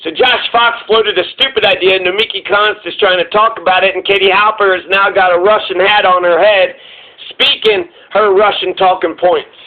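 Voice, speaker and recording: High-voiced sarcastic male commentator. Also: steady tone, normal speed. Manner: sarcastic, profane, rambling. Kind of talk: casual reaction commentary. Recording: tinny phone-like sound.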